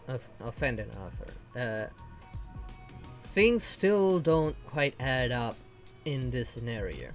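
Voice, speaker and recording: A male VTuber streamer reading game dialogue aloud slowly, with casual commentary, laughs and mild swearing. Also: mid-range voice. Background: faint game music.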